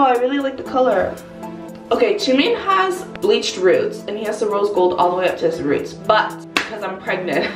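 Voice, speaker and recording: A woman's voice: mid-range voice, distant mic. A young woman chatting casually in a vlog, bubbly and gushing with frequent exclamations. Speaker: vlogger. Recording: roomy, off-mic, music behind.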